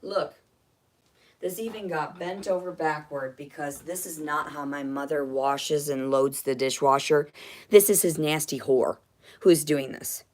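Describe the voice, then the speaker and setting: A woman ranting angrily on a livestream in a dim house, swearing and agitated, with sudden loud outbursts into a phone. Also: low-pitched, a little slow. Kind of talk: angry livestream rant.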